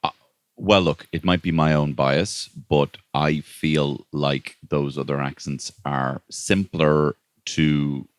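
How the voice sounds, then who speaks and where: A man's voice: a bass voice, fairly even intonation, takes it slowly, clean tone, no echo, clean studio sound. An Irish man co-hosting a comedy podcast, chatting wryly and riffing with playful asides. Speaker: podcast co-host. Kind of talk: comedic casual chat.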